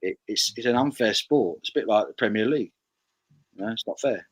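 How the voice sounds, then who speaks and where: A man's voice: lowish voice, fairly quick, slightly rough. A man hosting a casual live chat over beers, chatty and laughing, often stammering through his restarts.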